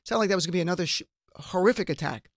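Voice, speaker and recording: Impassioned high-voiced male radio host. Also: rapid-fire, no echo, studio quality. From United States. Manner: impassioned, emphatic, rhetorical questions. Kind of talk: political commentary.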